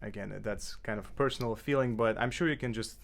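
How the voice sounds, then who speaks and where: A lowish male voice with vocal fry, moving fairly quickly. He's running an informal clarinet tutorial from his apartment, talking loosely with lots of fillers and self-corrections.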